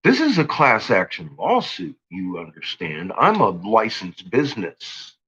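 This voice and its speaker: A man's voice: on the low side, wildly swooping pitch, a little slow, bright, forceful tone, slightly rough, lo-fi sound. A man vlogging an angry rant to his viewers. He swears constantly and stumbles through restarts. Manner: agitated, profane, stumbling restarts.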